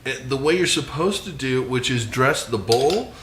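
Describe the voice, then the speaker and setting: A man's voice: medium pitch, animated, moderate pace, a bit bright, roomy sound, slight background noise. A man hosting a casual cooking demonstration, chatty, with self-deprecating asides. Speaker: cooking show host. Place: outdoor grill and home kitchen.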